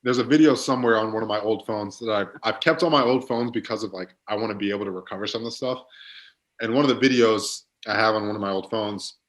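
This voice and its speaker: A man's voice: fairly low pitch, quick pace. A young man in his twenties, a football player guest on a podcast, telling stories in a laid-back way with lots of fillers. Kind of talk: casual podcast chat.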